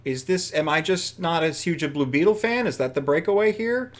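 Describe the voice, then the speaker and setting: A man co-hosting a podcast, chatting casually about a film with laughing asides. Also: on the high side. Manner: animated, laughing, quick asides. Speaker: podcast co-host. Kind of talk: casual film review chat.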